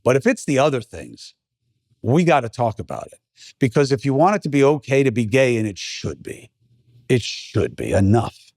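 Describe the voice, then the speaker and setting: A man's voice: mid-range voice, a little mellow, no room sound, clean studio sound. A middle-aged man hosting his own podcast, giving a blunt, emphatic opinion monologue in a conversational way and swearing now and then. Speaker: podcast host.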